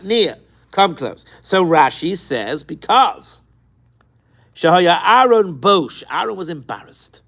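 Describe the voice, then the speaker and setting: Gravelly man giving a lively Torah lesson. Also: a little high. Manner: animated, rhetorical questions and acted-out quotes; mixes Hebrew terms into English. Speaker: Torah teacher.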